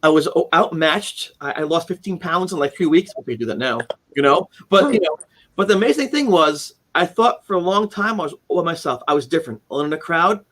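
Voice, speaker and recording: A man's voice: a little high, animated, a little fast, a bit bright. Earnest man rambling on a video call. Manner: earnest, rambling, many restarts and "you know". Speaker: guest, author of a haunting memoir. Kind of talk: casual live-stream interview. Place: home room with keepsakes, indoors.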